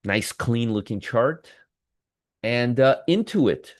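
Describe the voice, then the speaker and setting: A man's voice: mid-range voice, expressive, slow, dry recording. Male trading host, dry close sound, teasing and wry, live commentary.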